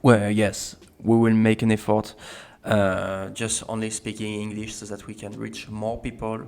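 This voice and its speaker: A man with a French accent, a native French speaker, hosting a casual conversation in English and often pausing to search for words. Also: on the low side, completely flat delivery, a little mellow. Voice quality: halting, searching for words, many fillers. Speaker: project founder and host.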